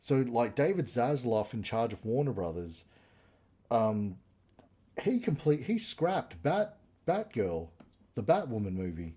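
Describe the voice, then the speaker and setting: A man co-hosting a live review stream, retelling comic plots in a rambling, animated casual chat. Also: mid-range voice, measured pace, slightly rough.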